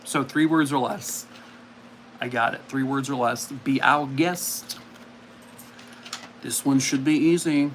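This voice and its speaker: A man's voice: medium pitch, steady tone, normal speed, slight background noise. A man hosting a casual livestream, chatting and mocking himself as he reacts to viewer comments. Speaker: livestream host.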